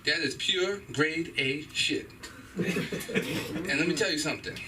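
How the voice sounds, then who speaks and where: A middle-aged man doing a stand-up set in a small comedy club, animated and profane as he acts out loud voices. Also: fairly high pitch, slow pace, distant mic, heavy background noise. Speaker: stand-up comedian at an open mic.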